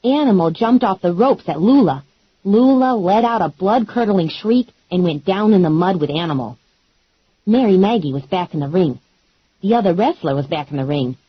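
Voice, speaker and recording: A woman narrating an audiobook in first person with a wry, deadpan comic delivery. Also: fairly low pitch, normal speed, slightly rough, no room sound, dull audio.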